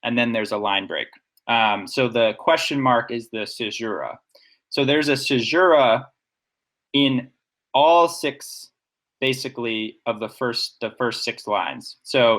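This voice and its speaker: A man's voice: mid-range voice, unhurried, a bit bright. A man co-hosting a podcast in a casual discussion, explaining things in an enthusiastic, nerdy, analytical way. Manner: enthusiastic, nerdy, analytical, talks through examples. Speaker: podcast co-host.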